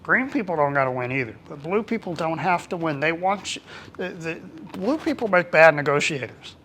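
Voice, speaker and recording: A lively trainer speaks casually to a small workshop group, with a voice that swings widely up and down in pitch. The tone is colloquial and informal, and bits of dialogue get acted out along the way. Faint background noise sits under the voice. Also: fairly quick. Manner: animated and colloquial, acts out quoted dialogue. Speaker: workplace trainer.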